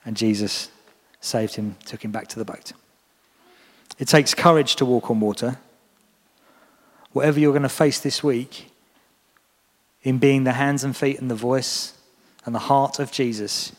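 A man's voice: medium pitch, moderate pace, pauses often. A man preaching a sermon in a church, talking earnestly and encouragingly to the congregation. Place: church hall. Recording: long reverb of a church hall.

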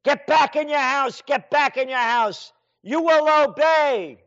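Smug entitled governor, high and taunting, bossy sing-song; a man plays him. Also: slow pace, fairly bright tone, exaggerated voice. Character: smug spoiled rich-boy male governor. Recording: dull lo-fi sound.

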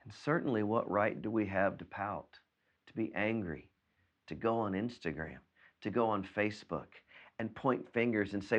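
A man with a lowish voice delivers an earnest sermon as pastor, doubling back on words as he drives home each point. The video recording sounds dull and lo-fi. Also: normal speed. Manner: earnest, repeats words when stressing a point. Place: preached by video from home during quarantine.

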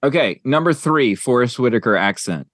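A man hosting a podcast in a casual chat, his pitch swinging widely as he rambles through a countdown. He leans on fillers and eager asides. The sound is close and dry, with no room around it. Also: animated, normal speed, a bit bright, dry recording. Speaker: podcast host.

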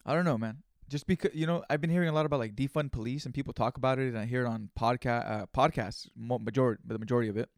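A man's voice: medium pitch, quick pace, gravelly, few pauses, no room sound, studio quality. A man hosting his own podcast, telling a rambling, profane story in casual, conversational speech. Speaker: podcast host. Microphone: studio microphone.

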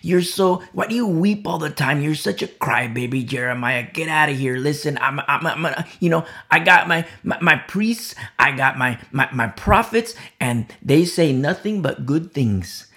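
A sneering, smug voice from a man acting out a crowd, tossing off jeering questions one after another, its pitch leaping around as it taunts. It sounds like a sermon re-enactment of a crowd that mocks a prophet. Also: expressive, normal speed, hardly any pauses, sharp tone. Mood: mocking. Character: scoffing men of Judah mocking a prophet.

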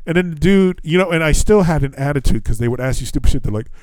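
A man's voice: fairly high pitch, fast talker, no room sound. A man hosting a podcast, telling a story in casual chat, swearing often and acting out the voices in it. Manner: profane, animated, acts out dialogue. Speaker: podcast host.

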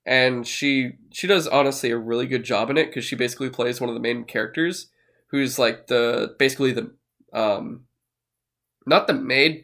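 A man's voice: medium pitch, pushed and bright. A man co-hosting a casual podcast, rambling with fillers and restarts, swearing now and then. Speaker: podcast co-host. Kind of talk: casual chat.

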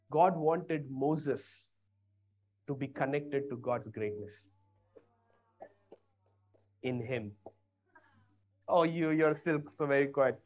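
A preacher delivering a sermon, speaking emphatically, swinging between quiet passages and loud exhortation and questioning the congregation directly. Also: mid-range voice.

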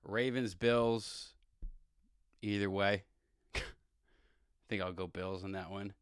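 A man's voice: sits low, fairly even intonation, slow pace, clear, resonant tone, no echo, studio quality. A man hosting a podcast and rambling casually about football, chuckling and correcting himself as he goes. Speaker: podcast host. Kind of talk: casual sports chat.

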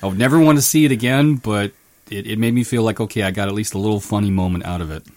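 A man co-hosting a movie podcast in loose, rambling chat. His voice sits a little low and sounds dry and close to the mic. He stumbles through restarts and filler words and gets lively when retelling scenes. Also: fast, no echo. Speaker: podcast co-host. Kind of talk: casual movie review chat.

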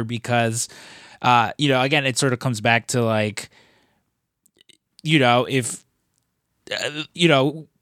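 A male podcast host at mid pitch keeps stumbling and restarting his sentences, padding them with "you know." His voice sits close and dry, with no room around it. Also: moderate pace, long pauses, fairly bright tone, no room sound. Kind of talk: casual podcast interview.

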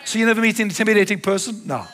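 High-voiced man preaching in a big hall. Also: racing, some chatter behind, a little hiss or hum. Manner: animated preacher, mixing quiet low asides with raised emphatic lines. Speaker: pastor. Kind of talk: sermon. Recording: long hall reverb.

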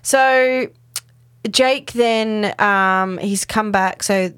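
A woman's voice: medium pitch, extremely slow, a bit bright, clean tone, no echo, studio quality. A woman co-hosting a podcast, recapping episodes in a chatty, casual way with lots of fillers. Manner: chatty, many fillers, acts out quotes. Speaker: podcast co-host.

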